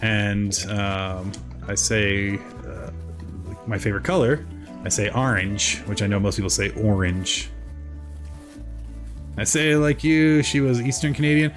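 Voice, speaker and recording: A man in his thirties with a South Jersey accent talks casually over his game stream in a low-set voice. He rambles from story to story and often jumps suddenly up in pitch, while soft game music plays faintly underneath. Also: normal speed. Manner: chatty, rambling, lively with sudden high jumps. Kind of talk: casual gameplay chat with chat readers.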